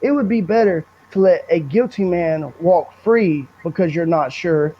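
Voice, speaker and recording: A young man appears as a podcast guest, the brother of the subject, telling long, rambling, emotional stories in an earnest and blunt way. His voice is on the high side and a little slow, captured on a dull lo-fi recording.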